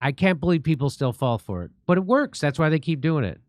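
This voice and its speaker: A male livestream host riffing on politics with biting sarcasm and open indignation. His voice sits a little high for a man. The sound is dry and close to the mic. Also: lively intonation, brisk, darkish tone, dry recording. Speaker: show host.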